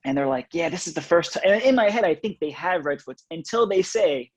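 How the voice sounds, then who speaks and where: Man, guest, casual storytelling, husky voice, slightly high. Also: a little fast, muffled recording. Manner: relaxed, acts out both sides of a conversation. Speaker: reptile seller guest.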